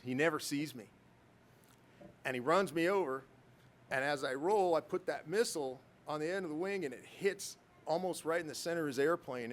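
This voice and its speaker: Middle-aged man telling a war story. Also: a little high. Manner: anecdotal, self-deprecating humor, chuckles. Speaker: guest speaker, military pilot. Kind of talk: storytelling speech at a ceremony.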